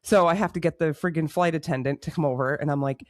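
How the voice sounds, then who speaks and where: Animated woman telling a story, dry sound. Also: low-pitched, fast talker, no room sound. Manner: animated, self-mocking, laughs mid-sentence. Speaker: podcast co-host. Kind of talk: casual chat, storytelling.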